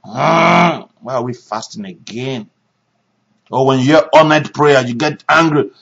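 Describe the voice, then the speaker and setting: A male pastor preaching a sermon, animated, with sudden shouts and hushed asides. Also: medium pitch, unhurried, creaky, slightly rough, muffled recording.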